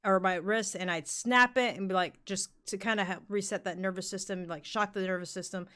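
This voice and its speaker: A woman's voice: medium pitch, fairly even intonation, fairly quick, pushed and bright. Young woman podcast host, chatty and frank, loose filler-heavy delivery, mid-range voice. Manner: candid, swears freely, heavy use of "like". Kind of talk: casual chat.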